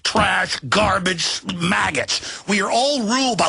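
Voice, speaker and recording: Furious shouting older male host. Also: sits high, gravelly, breathy edge. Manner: shouting, furious and preachy, rapid lists. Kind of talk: ranting monologue.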